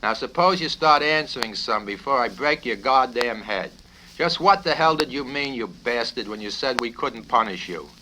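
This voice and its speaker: A man's voice: mid-range voice, animated, normal speed, lightly acted. A man reading aloud, voicing a bullying army colonel who bellows and curses, on a crackly vinyl record. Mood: furious. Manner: bellowing, profane, repetitive.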